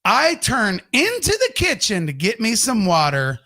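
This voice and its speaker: A man hosting a podcast, telling an anecdote in a casual, animated and profane way, acting out the voices of the people in it. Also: sits high, unhurried, dry recording, studio quality. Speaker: podcast host. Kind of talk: casual storytelling.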